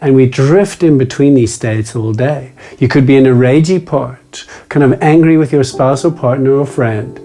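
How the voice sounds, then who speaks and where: Speaking with a mellow, medium-pitched voice, a man leads a meditation video in a relaxed, to-camera style. Teasing himself playfully, he alternates quick chatter with slow, carefully paced words.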